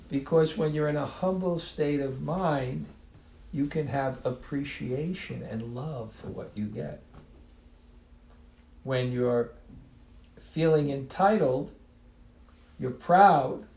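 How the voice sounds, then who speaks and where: A man giving a devotional talk as a spiritual teacher, unhurried, often repeating and restarting words and chuckling now and then. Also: fairly high pitch, warm tone. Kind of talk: devotional talk on a live stream. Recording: echoey room.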